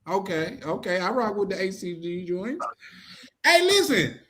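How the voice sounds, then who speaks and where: A man's voice: high-pitched, very animated, measured pace, sharp tone. A man hosting a casual group chat, playful and teasing, often laughing. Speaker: host.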